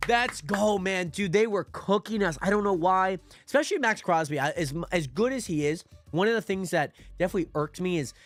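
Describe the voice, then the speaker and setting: A young man with a slightly higher-than-usual voice hosts a football watch party stream. He talks through the plays casually, then erupts into excited yelling on big moments. Faint music plays in the background. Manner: swings from calm play-by-play to shouting with excitement. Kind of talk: excited live football commentary.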